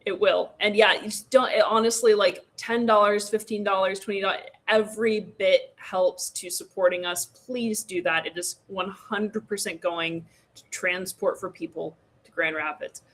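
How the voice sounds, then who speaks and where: A woman's voice: mid-range voice, fairly even intonation, normal speed, a bit bright. A woman co-hosting a casual livestream show. She rambles and jokes through the sign-off, with plenty of ums and asides to the chat. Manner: rambling, joking, filler-heavy. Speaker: podcast co-host.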